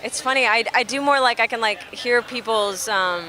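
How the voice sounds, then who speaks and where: A woman's voice: fairly high pitch, moderate pace, bright, forceful tone. A young woman, a musician guest, chatting casually outdoors, laughing easily and full of fillers. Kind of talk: casual interview chat. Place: outdoors at a festival.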